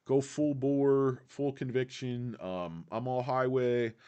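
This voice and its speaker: A man's voice: mid-range voice, fairly even intonation, takes it slowly, dark tone, clean tone, muffled recording. A man hosting a casual livestream, rambling in a laid-back way, answering chat and peppering his talk with "guys.". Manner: quotes film lines in put-on voices. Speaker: livestream host reading chat.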